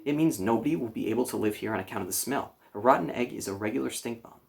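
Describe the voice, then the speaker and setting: A man reading aloud and voicing a wise, gentle female spider who speaks sweetly and calmly. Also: lowish voice, fast, vocal fry. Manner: sweet and calm.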